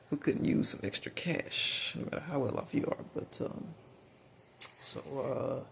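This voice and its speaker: Slowly and animatedly, a middle-aged man with a Southern US accent works through a frank, meandering personal monologue packed with fillers and restarts. His voice is mid-range and gravelly, with slight background noise behind it.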